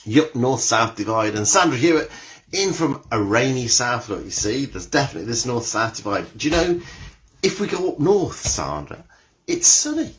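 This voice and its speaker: A man's voice: mid-range voice, very animated, moderate pace, fairly bright tone. A cheery, chatty man hosting a live online exercise class, greeting viewers by name and reading out their comments.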